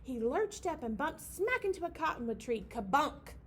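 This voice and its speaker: A young woman reads a picture book to babies at a library storytime. Her voice sits high and swoops up and down in a bouncy sing-song as she acts out the animal noises. A faint hum of room noise lies underneath. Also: sing-song, moderate pace. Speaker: children's librarian leading storytime.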